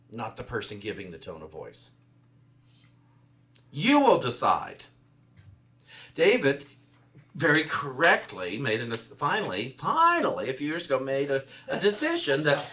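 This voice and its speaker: A man's voice: medium pitch, recorded from a distance. A man preaching a conversational sermon from the pulpit, telling stories and laughing often as he speaks. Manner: animated storytelling, laughs often. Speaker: minister. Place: church sanctuary.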